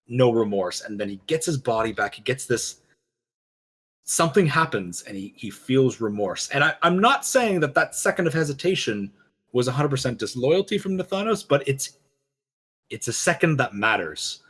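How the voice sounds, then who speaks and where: A man co-hosting a casual discussion, telling a story with lively quoted lines. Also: mid-range voice, normal speed, breathy edge. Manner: animated storytelling, quoting characters. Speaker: podcast co-host.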